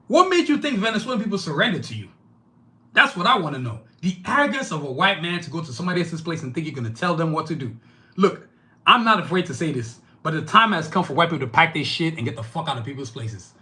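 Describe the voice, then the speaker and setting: A man from Nigeria delivering a heated opinion monologue, indignant and forceful, swearing freely and firing off rhetorical questions. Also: on the high side, big pitch swings, quick pace. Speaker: political commentator.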